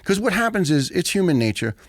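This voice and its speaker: Animated profane storyteller, man in his 50s. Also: high voice, quick pace, no echo, clean studio sound. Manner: animated, profane storyteller who acts out dialogue. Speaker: podcast guest, retired firefighter. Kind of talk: casual podcast conversation.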